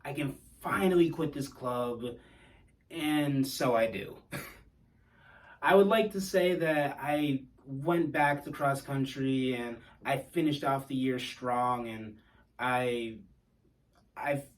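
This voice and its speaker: A man's voice: medium pitch, slow pace, recorded from a distance, low-quality recording. Man telling a wry story, set back from the mic. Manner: wry, self-deprecating humor. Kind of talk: casual personal storytelling.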